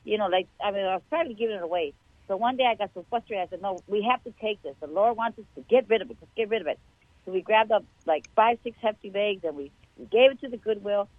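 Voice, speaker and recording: A woman telling a personal faith story to a church show host in a chatty, animated way. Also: medium pitch, quick pace, dry recording. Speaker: guest caller sharing a testimony. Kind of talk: casual testimony. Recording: tinny phone line.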